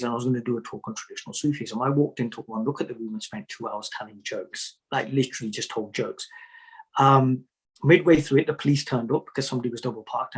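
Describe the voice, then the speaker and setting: Husky-voiced man telling stories. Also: mid-range voice, low-quality recording. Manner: storytelling, repeats words, jokey asides. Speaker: Sufi teacher, guest. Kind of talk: conversational interview answers.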